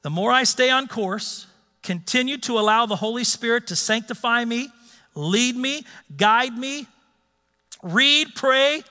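High, bright-voiced male preacher in a hall. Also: a little slow. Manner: storytelling, animated and emphatic. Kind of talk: sermon with personal story.

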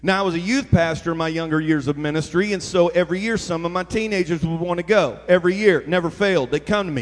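High-voiced preacher in an echoey hall. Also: male voice, fast, few pauses. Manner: energetic storytelling with call-and-response to the crowd. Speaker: pastor. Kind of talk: sermon. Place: church sanctuary.

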